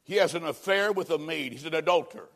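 Male evangelist, high-pitched, dramatic sermon delivery with loud peaks and quiet closes. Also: quick pace, gravelly. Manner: dramatic, swings between loud emphasis and hushed low endings. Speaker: preacher.

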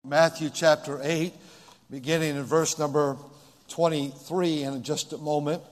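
Halting pastor in a reverberant hall. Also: male voice, fairly high pitch, flat delivery. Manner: casual, halting with fillers. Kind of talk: sermon, Bible reading intro. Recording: long reverb.

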